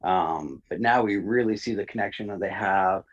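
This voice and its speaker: A man co-hosting a review podcast in a casual chat, talking in a relaxed, hesitant way with many fillers. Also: low-pitched, moderate pace, husky. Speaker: podcast co-host. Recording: dull lo-fi audio.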